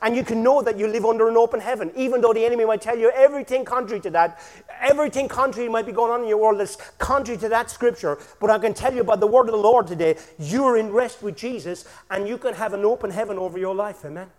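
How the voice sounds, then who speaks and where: High-voiced preacher shouting. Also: male voice, quick pace, big-room sound. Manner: energetic, shouting, constant "amen?". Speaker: pastor. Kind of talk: sermon.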